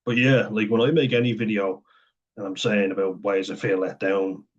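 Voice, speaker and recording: A very deep-voiced man with a husky edge talks straight to camera in a loose, rambling way. He drops casual swear words and laughs easily between points, and the recording sounds dull and lo-fi. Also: level tone, moderate pace. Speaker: vlogger. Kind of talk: casual talk to camera, reading and commenting.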